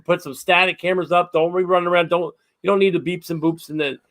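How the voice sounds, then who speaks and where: A man, a paranormal investigator guest, telling stories in casual podcast chat with lively acted-out quotes. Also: sits high, fast talker. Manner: animated storyteller, acts out quotes.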